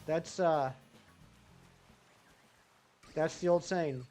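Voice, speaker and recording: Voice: medium pitch, steady tone, extremely slow, dark tone, faint music behind. A live-streaming gamer chatting casually with viewers, rambling and answering the chat while playing.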